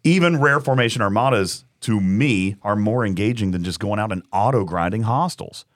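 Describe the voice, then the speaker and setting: Animated, emphatic podcast host man. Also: lowish voice, a little fast. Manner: animated, emphatic, repeats words. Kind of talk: casual debate chat.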